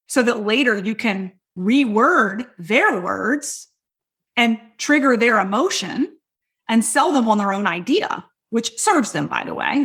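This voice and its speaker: A middle-aged woman hosting a podcast, coaching listeners on sales in a loud, hypey, direct way. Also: fairly high pitch. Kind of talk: energetic teaching monologue.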